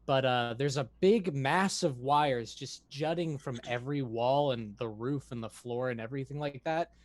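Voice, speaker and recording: A man playing a tabletop game and describing a scene in a relaxed way. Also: medium pitch, normal speed, no echo. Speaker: player. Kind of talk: casual tabletop play.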